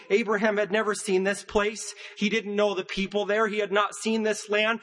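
A man delivers a sermon in a high-pitched voice. He speaks in a measured preaching cadence and hammers home his points with repetition. His words echo with the long reverb of a church sanctuary. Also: little pitch movement, a bit bright.

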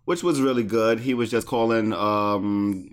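A man with a smooth, lowish voice hosts a podcast recapping wrestling. His casual chat rambles, keeps stumbling into restarts, and breaks into laughter easily.

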